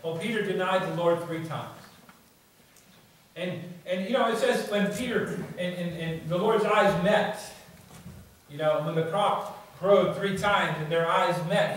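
A male pastor preaching a sermon in a conversational way, often adding "you see" and "okay?", recorded in a church. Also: fairly high pitch. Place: church sanctuary. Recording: very echoey church, distant mic, faint noise.

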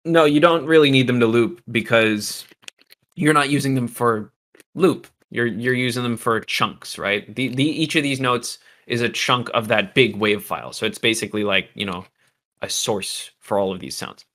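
Chatty man with a bright voice teaching. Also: medium pitch, normal speed. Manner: loose and chatty, many fillers and asides to chat. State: losing his voice. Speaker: music production teacher. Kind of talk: casual livestream tutorial.

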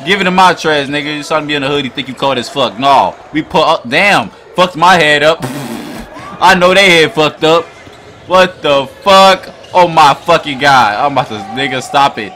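A man hosting a basketball reaction video, talking in a loud, hyped, profane way and often shouting at the screen. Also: a little high, normal speed, slight background noise. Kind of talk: excited basketball reaction commentary.

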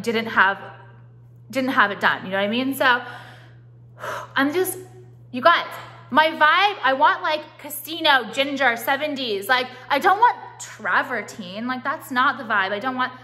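A young woman with a bright, sharp voice pitched a little high chats to her phone camera at home. She swears freely and piles up "like" and restarts. Her talk is loose, opinionated and unscripted. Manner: chatty, profane, full of "like" and restarts. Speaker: vlogger. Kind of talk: casual vlog chat. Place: at home, walking through rooms.

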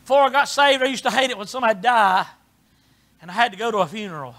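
A middle-aged man preaching a sermon in a folksy way, moving from quiet asides to shouted preaching. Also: high voice, animated, quick pace. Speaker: pastor.

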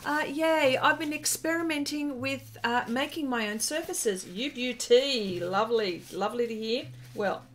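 An Australian woman talks through an art livestream in an easy, rambling way, full of ums and uhs. Her voice sits high for a woman. She keeps stopping mid-thought to say hello to viewers by name. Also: measured pace, few pauses. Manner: chatty, greets viewers by name, many fillers. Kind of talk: casual livestream chat.

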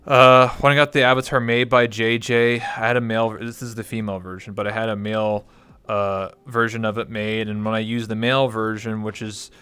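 A man from Canada speaks in a relaxed interview, his voice smooth and clear. He tells a long story candidly, rambling and circling back with frequent fillers. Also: on the low side, a little fast, no room sound. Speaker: interview guest. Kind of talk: casual conversation.

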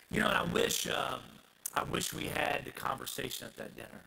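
A man preaching a sermon as pastor, swinging from hushed asides to loud shouted passages. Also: fairly high pitch, expressive, brisk, vocal fry, a little hiss or hum, rough recording.

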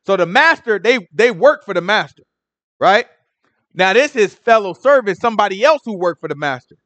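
Animated high-voiced man teaching scripture. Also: moderate pace, no echo. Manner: street slang, acts out characters, animated. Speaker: Bible teacher. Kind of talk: casual sermon retelling scripture.

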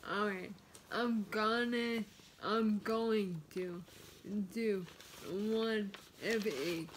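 A woman vlogging casually at home, practicing words slowly and carefully, one at a time. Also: medium pitch, steady tone, a little hiss or hum. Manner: slow, careful word-by-word practice; chatty, talks to her cat. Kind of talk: casual vlog and speech practice. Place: home, with a cat nearby.

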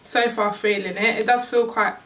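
A woman's voice: a little high, fairly even intonation, normal speed, fairly bright tone. Young woman vlogger, rambling and playful, recorded on a far-off camera mic in a noisy room. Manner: chatty, rambling, playful repetition. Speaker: fashion vlogger. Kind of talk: casual try-on haul chat. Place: room at home. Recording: distant camera mic with background noise.

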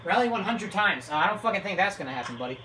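A young adult with a nearly lost, hoarse voice gives excitable let's-play commentary, swearing loudly at the game. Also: medium pitch, racing. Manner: loud outbursts and heavy swearing at the game. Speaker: gaming channel host. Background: game music.

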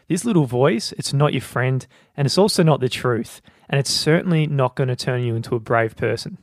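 A man co-hosting a podcast, talking through a book's ideas in a relaxed, conversational way. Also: medium pitch, brisk, no room sound, studio quality. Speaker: podcast co-host. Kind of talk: casual book discussion.

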